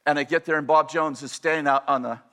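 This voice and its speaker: A man telling a personal story in a sermon, animated and self-interrupting, often repeating and restarting his phrases. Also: fairly high pitch, fast.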